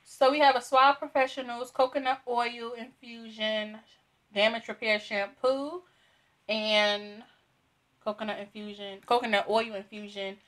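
A woman's voice: medium pitch, fairly bright tone. A young woman reviewing free products in a casual unboxing vlog, chatty and giggly, with many fillers. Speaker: beauty vlogger.

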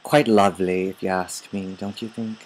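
A man's voice: low-pitched, steady tone, normal speed, pitched below the performer's own voice, poor audio. Guy putting on a stuffy english gent voice, fake english accent, prim and pompous. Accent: put-on English. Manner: prim, pompous, plays along. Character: stuffy mock-English gentleman Winston.

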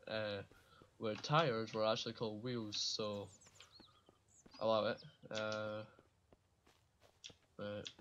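A man's voice: mid-range voice, a bit bright, a little hiss or hum. Gamer dude chatting over his game, swears a ton, kinda dull mic with faint keyboard clicks. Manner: rambling, swears a lot, laughs at himself. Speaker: gaming channel host. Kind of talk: casual gameplay commentary.

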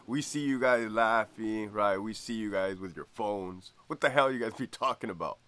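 A man's voice: lowish voice, normal speed, a bit bright. A man who used to be a prison officer telling a story casually, slangy and profane, laughing often.

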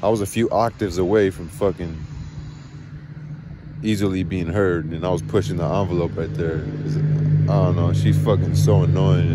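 Over a very noisy recording, a vlogger with a low-pitched voice speaks at normal speed in a rambling, profane monologue. He's agitated, swearing frequently as he vents about family and work.

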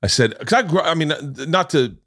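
A man's voice: on the high side, lively intonation, fairly quick, fairly bright tone, no echo, clean studio sound. A middle-aged man hosting a podcast, telling stories in casual chat and acting out the voices he quotes, with a lot of profanity. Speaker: podcast host.

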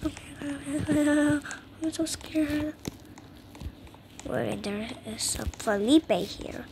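She speaks very slowly in a high-pitched voice with vocal fry, playing a horror escape game and offering jittery, theatrical commentary that drops to whispers and spikes into squeals. Background noise is noticeable.

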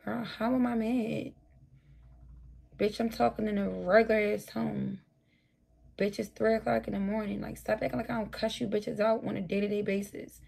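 Brief: woman livestreamer, combative late-night rant, gravelly husky voice, a touch high. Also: little pitch movement, normal speed, darkish tone. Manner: profane, combative, talks straight at her chat. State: tired, burnt out.

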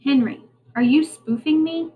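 A woman's voice: high voice, a little slow, narrow, tinny audio, pitched above the performer's own voice. A woman voicing an earnest, lovesick young farm girl in a storybook, pleading and anxious.

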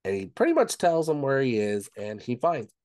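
Co-hosting a book club podcast, a man casually recaps the plot, leaning on "um" and "of course" throughout. His medium-pitched voice is sing-song and a little fast, with a darkish tone. The recording is dry and studio quality.

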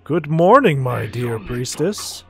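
A man's voice: medium pitch, very animated, slow, creaky, fairly bright tone, soft background music, exaggerated voice. A man voicing a vengeful, possessive male spirit in a video game, speaking with grandiose command. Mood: menacing.

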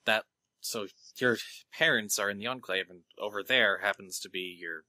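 Bright-voiced, laughing game master man. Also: lowish voice, no room sound. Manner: chatty, quick to laugh. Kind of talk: narrating a tabletop game.

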